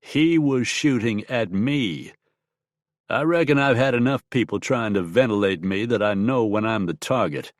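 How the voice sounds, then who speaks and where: A man voicing a calm frontier gunfighter in an audiobook, with a flat, hard, drawling delivery. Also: fairly low pitch, normal speed, no room sound, clean studio sound, lightly acted. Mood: steely. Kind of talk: audiobook character voice.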